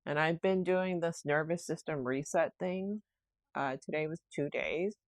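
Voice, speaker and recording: A woman's voice: sits low, a little slow, no echo. A young woman hosting a solo podcast, rambling in a chatty, self-reflective way. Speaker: podcast host. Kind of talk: casual solo podcast chat.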